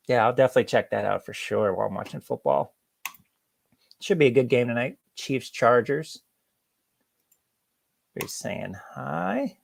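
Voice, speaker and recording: A young man hosts a relaxed live stream from home, chatting loosely and greeting viewers one by one. His voice has a gravelly, creaky edge. The sound is close and dry, with no room echo. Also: mid-range voice, normal speed. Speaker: livestream host. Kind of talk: casual live-stream chat.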